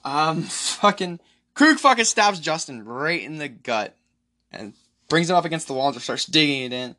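A man hosting a solo podcast, rambling excitedly and profanely through a movie recap. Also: a little high, normal speed. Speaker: podcast host.

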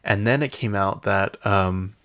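This young male podcast host chats about reality TV in a relaxed, gossipy way, leaning on lots of fillers. His fairly low, fairly bright voice moves a little slowly, and the recording is dry.

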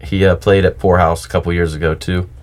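Easygoing young man with a very deep voice. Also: flat delivery, brisk, darkish tone. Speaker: guest. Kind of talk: casual chat.

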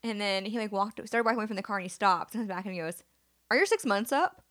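A woman's voice: medium pitch, steady tone, very fast, a bit bright. A young woman from the Seattle area, co-hosting a casual chat and telling rambling stories full of "like". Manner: rambling storyteller, lots of likes, laughs through stories.

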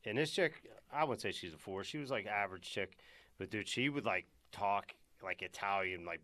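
A man's voice: on the low side, moderate pace, bright, forceful tone, dry recording. A man chatting on a casual podcast, rambling and dropping his voice at the ends of thoughts.

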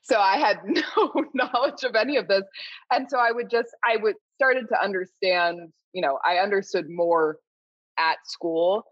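A woman's voice: mid-range voice, a little slow, no room sound. A woman guest telling stories in casual interview chat, in a chatty, self-deprecating way. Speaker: guest, food writer. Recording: dull, dry lo-fi sound.

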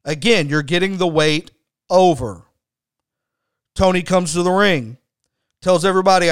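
Guy hosting a wrestling podcast, blunt and emphatic, smooth voice, dry close mic. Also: high voice, measured pace, pauses often, no echo. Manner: emphatic, blunt, swears freely. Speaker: podcast host. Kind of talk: storytelling commentary.

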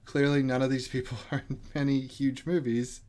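Hosting a podcast, a man makes casual conversation and trips over names as he reads film credits aloud. He has a mid-range, slightly mellow voice with a flat delivery at normal speed.

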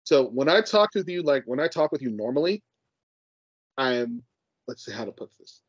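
A man's voice: medium pitch, sing-song, moderate pace, husky, no echo. A man co-hosting a casual podcast. He talks with emphasis and passion and swears freely. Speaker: podcast co-host. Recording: dull dry podcast audio.

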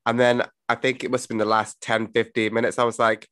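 A man's voice: medium pitch, level tone, quick pace, fairly bright tone, dry recording. A man co-hosting a casual film review chat, emphatic and blunt, fond of repeated rhetorical questions. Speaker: podcast co-host.

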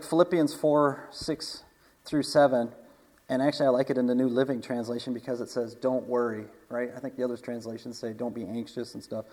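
A man's voice: medium pitch, darkish tone, rough recording. A man preaching in a casual storytelling manner, chatty, with frequent asides, restarts and laughs.

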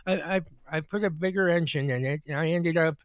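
A man co-hosting a casual comedy podcast, talking in halting, restarting phrases with lots of "you know". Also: fairly high pitch, no room sound. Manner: halting, repeats words and says "you know" often. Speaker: podcast co-host. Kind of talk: casual group banter.

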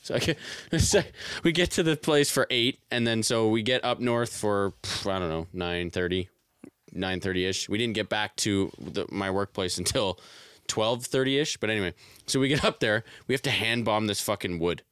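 A man's voice: fairly low pitch, normal speed, a bit bright, clean tone, no echo. Young man, laughing storyteller, swears a lot, dry close sound, podcast chat. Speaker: podcast co-host. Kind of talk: casual chat.

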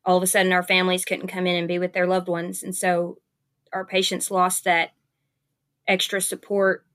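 A woman's voice: lowish voice, monotone, normal speed, fairly bright tone. A woman with a Southern US accent, a nurse, chatting casually in an interview and telling stories with lots of fillers. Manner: chatty, upbeat storyteller with many fillers.

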